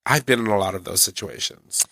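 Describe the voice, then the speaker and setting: A man's voice: lowish voice, lively intonation, brisk, creaky, pushed and bright, no echo. A man in casual podcast chat, rambling with many restarts and fillers. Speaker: podcast co-host.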